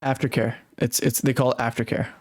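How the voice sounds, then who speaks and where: A man's voice: mid-range voice, level tone, a little fast. Emphatic male podcast host. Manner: emphatic, repeats phrases while searching for words. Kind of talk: reaction commentary.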